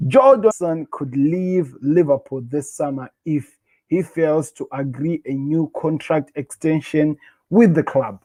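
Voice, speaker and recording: Mellow-voiced male football vlogger ranting. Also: a little high, slow pace. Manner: animated, repetitive, frustrated ranting. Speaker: host. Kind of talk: casual football rant to camera.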